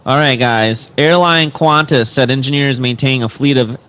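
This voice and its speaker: A man's voice: medium pitch, moderate pace, a bit bright, clear, resonant tone. A man co-hosting a comedy podcast, reading odd news stories aloud and joking with friends, laughing and tripping over words. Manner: jokey, laughs often, stumbles over words. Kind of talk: casual banter.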